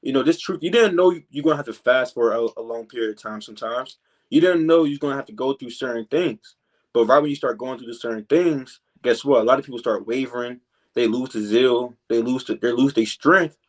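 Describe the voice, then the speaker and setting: A man teaching from scripture in a relaxed preaching style, filling pauses with "man" and "you know" and reading verses slowly. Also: mid-range voice. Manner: reads verses slowly and deliberately.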